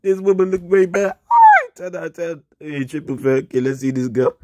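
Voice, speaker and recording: A man reacting casually to pictures, repeating words, squealing high greetings and shouting refusals. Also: fairly quick, dull audio, background noise. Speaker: YouTube reaction host.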